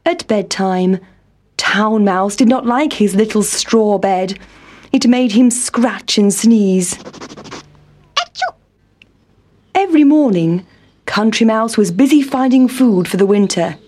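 Woman slowly reading a children's story. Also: mid-range voice. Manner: slow, expressive reading aloud.

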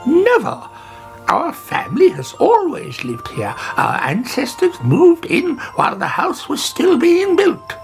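A woman voicing an indignant old grandmother mouse in a storybook, shrill and outraged. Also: wildly swooping pitch, a little slow, creaky, soft background music, exaggerated voice.

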